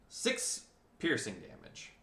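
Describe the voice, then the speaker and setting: A man narrating and running a tabletop game as game master, relaxed and halting with fillers. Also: fairly high pitch, noisy background. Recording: roomy echo.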